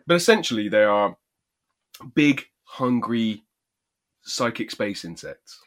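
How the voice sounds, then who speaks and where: A man's voice: mid-range voice, sing-song, slow pace, long pauses, fairly bright tone. A man co-hosting a podcast, joking around and explaining things at length in casual chat. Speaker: podcast co-host.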